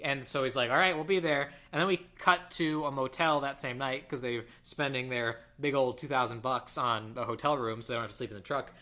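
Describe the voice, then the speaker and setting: A man casually retelling a movie plot to a co-host, animated and quoting the characters as he goes. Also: medium pitch. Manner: animated storytelling, quoting characters in quick voices. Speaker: podcast co-host. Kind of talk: casual movie recap chat.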